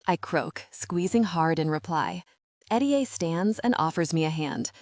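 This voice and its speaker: A woman narrating a fantasy audiobook in the first person, in a measured, steady way. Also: fairly low pitch, no room sound, clean studio sound.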